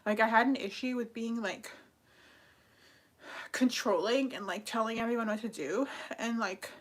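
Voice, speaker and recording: A woman's voice: on the high side, moderate pace. A young woman talking casually on a livestream, rambling with lots of fillers and apologizing for herself. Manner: rambling, filler-heavy, self-critical. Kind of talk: casual live-stream chat.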